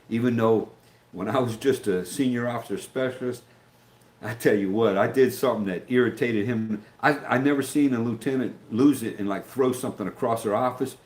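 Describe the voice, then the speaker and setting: An older man, chatting casually on his live stream, rambling with many fillers and restarts. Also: lowish voice.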